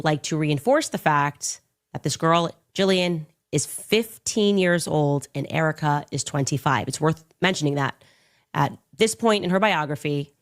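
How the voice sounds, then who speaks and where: A woman with a low voice hosts a commentary livestream. She lays out events in a measured, explanatory way. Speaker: livestream host.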